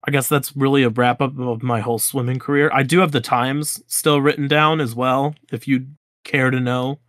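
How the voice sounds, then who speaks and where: A man's voice: medium pitch, moderate pace, no echo, studio quality. A young man in his twenties, co-hosting a podcast, telling a school story in a casual chat and acting out the dialogue. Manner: animated storyteller, acts out quoted dialogue. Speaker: podcast co-host.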